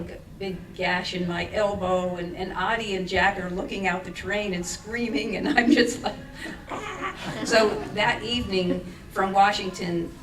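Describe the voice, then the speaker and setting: A woman's voice: lowish voice, noisy background. A woman from India telling a personal anecdote to a group of friends in a chatty way, laughing often and using many fillers. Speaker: storyteller at a gathering of friends. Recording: echoey room, recorded from a distance.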